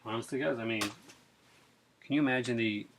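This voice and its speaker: A male video host runs a casual unboxing vlog, talking in an excitable, rambling way with lots of fillers. He sounds chilled from being out in the cold and rain. His pitch is medium, his speed normal, and there's background noise.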